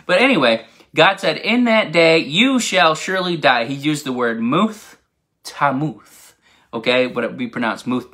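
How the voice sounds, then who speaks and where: Bright-voiced enthusiastic male preacher. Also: fairly high pitch, expressive, normal speed. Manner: enthusiastic, rambling, laughs at own asides. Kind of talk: informal bible teaching.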